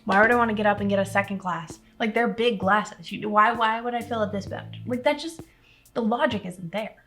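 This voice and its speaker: A young woman talks her viewers through a makeup tutorial in a loose, rambling way, poking fun at herself as she works. Her pitch sits in an ordinary middle range. Soft music plays faintly underneath. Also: fairly quick. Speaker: makeup vlogger. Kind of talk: casual chatty makeup tutorial. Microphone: camera on a tripod.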